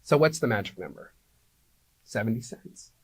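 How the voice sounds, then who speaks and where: A man's voice: medium pitch, expressive, moderate pace, breathy edge, dry recording. A man being interviewed as an apartment locator, explaining things like a teacher and checking in with "right?" and "okay?" as he goes.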